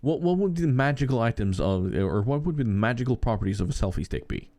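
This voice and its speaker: A man's voice: mid-range voice, lively intonation, fast, darkish tone, no room sound. A man chatting casually as a podcast co-host, telling rambling anecdotes full of fillers and restarts. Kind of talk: casual chat.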